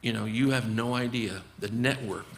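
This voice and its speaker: A man's voice: mid-range voice, moderate pace, creaky, in a large hall. A man, a physician guest, talking earnestly and explaining his approach, often acting out conversations with patients. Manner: earnest, acts out dialogues with patients.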